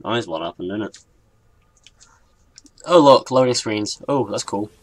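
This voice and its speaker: Chatty English gamer with a mixed accent. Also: male voice, fairly low pitch, a little slow, no echo. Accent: mixed northern and southern English. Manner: chatty, rambling, excitable. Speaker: gaming YouTuber. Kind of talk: let's play commentary.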